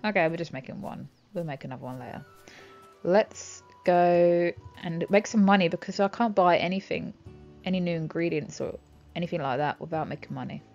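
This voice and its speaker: A woman's voice: lowish voice, brisk, darkish tone, dull audio, soft background music. A woman giving chatty, giggly let's-play commentary as she plays a farming game. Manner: chatty, giggly, talks to herself. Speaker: gaming channel host.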